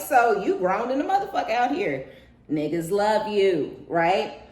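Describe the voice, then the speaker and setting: A tarot reader, a woman, gives a laid-back spiritual reading that's profane and lively, taking her time. She often breaks into shrill mocking voices and laughs a lot, and her voice echoes around the room.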